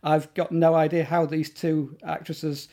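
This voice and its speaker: A man's voice: on the high side, little pitch movement, unhurried, warm tone. A man talking as a guest in a casual interview about horror films, enthusiastic and rambling, with plenty of fillers and restarts.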